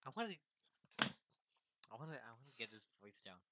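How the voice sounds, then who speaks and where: A man's voice: medium pitch, big pitch swings, brisk, heavy background noise. A young man co-hosting a podcast, chatting casually in playful, giggly banter over an online call. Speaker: podcast co-host. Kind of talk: casual chat.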